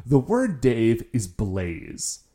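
Man, podcast co-host, lively pitch, casual storytelling, stammers and restarts. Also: very slow. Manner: animated, stammering restarts when excited.

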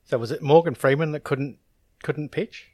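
A man's voice: a little high, moderate pace, darkish tone, no echo, studio quality. Laid-back man telling stories. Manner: rambling, laughing anecdotes. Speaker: podcast co-host. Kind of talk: casual chat.

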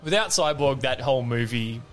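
A man's voice: mid-range voice, expressive, normal speed, fairly bright tone, soft background music. A man, co-hosting a casual podcast, laughing often and explaining plot points earnestly. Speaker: podcast co-host.

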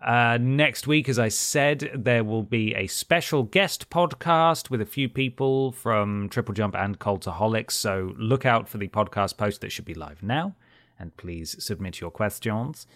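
Relaxed man, dry close mic. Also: lowish voice, unhurried, no room sound. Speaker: podcast co-host. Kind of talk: casual podcast outro.

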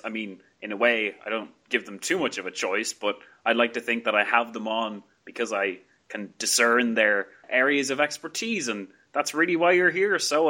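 Irish male podcast host on a video call, bright and forward tone, rambling and giggly. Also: medium pitch. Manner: chatty, laughs often, rambling restarts. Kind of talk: casual podcast interview.

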